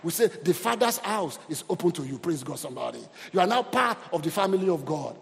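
A male pastor preaching an animated sermon and calling out for responses from the congregation. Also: fairly high pitch, a little fast, gravelly, in a large hall.

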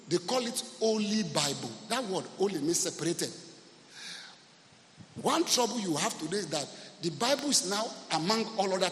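Emphatic pastor in echoey hall. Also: male voice, high-pitched, a bit bright. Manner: emphatic preaching, repeatedly asks the congregation if they are listening. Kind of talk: sermon. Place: church service. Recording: echoey hall, faint ambience.

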